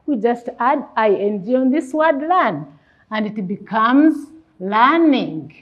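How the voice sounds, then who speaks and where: A woman teaching young children, with a slightly high voice that rises and falls a lot. She talks slowly, asks questions and answers them herself. The recording is dull and lo-fi. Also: lively intonation. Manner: slow, sing-song teacher talk, asks and answers her own questions. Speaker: primary school English teacher. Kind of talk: classroom lesson.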